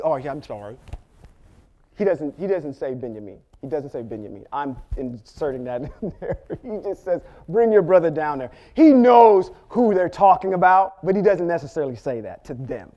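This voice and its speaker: A man teaching a Bible lesson, telling the story with animated delivery and acting out the characters' lines. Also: fairly high pitch, moderate pace, muffled recording. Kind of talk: sermon teaching.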